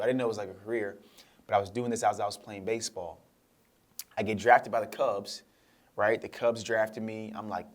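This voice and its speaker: Young guy telling his story on a podcast, low voice, acts out quotes as he goes. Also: brisk. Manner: animated storyteller acting out quotes. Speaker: guest speaker. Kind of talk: storytelling interview.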